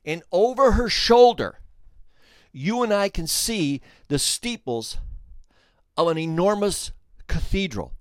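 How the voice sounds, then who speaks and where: A man hosting a podcast, telling a story in an animated way, restarting phrases and speaking straight to the listeners. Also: sits high, no echo, studio quality. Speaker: podcast host. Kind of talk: storytelling commentary.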